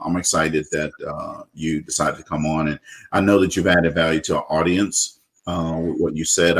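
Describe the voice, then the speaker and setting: A man with a low, deep voice hosts a casual interview. He talks in an upbeat, chatty way, leaning on fillers and restarting his sentences. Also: fairly bright tone. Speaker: show host.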